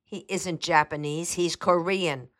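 A woman reading aloud, voicing a nervous middle-aged housekeeper with a sharp, high-pitched voice and an evasive, hesitant way of answering. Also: steady tone, a little slow.

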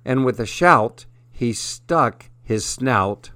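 Male radio host, deadpan storyteller, unhurried, mid pitch, dry close mic. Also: no room sound. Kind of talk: reading stories aloud.

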